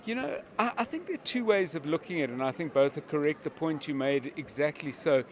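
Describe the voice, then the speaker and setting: A man giving live news commentary as a media analyst, explaining in a measured way with examples. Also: on the high side, expressive, a little hiss or hum.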